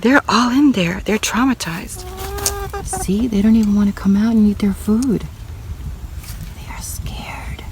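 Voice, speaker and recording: A woman's voice: medium pitch, moderate pace, background noise. Woman vlogging outdoors on her homestead. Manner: confiding, talks to viewers while walking outdoors. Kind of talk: casual vlog to camera. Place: outdoors on a rural property by a chicken coop.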